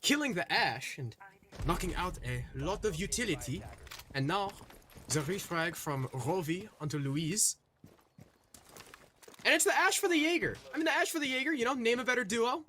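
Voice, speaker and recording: Lively bright-voiced esports caster. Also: medium pitch, normal speed, a little hiss or hum. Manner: animated, chatty analysis. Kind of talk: live color commentary.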